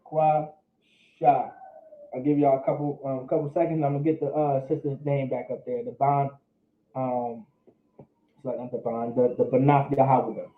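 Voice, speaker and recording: A man's voice: medium pitch, level tone. Man teaching syllable by syllable. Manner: slow, repeats words syllable by syllable. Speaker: class teacher. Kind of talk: classroom teaching at a board. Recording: echoey room over a phone-like line.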